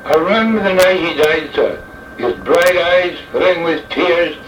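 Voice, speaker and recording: A man's voice: a little high, fairly bright tone, a little hiss or hum. Man reciting a theatrical verse tale. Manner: theatrical, slow and deliberate delivery. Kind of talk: dramatic verse recitation as an old jockey. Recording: echoey, distant, dull old recording.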